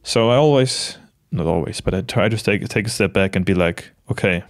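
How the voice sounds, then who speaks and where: A man in his late twenties talking to the camera in a casual, reflective monologue, gentle and halting, with many restarts and soft laughs. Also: lowish voice. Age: late 20s. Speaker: vlogger.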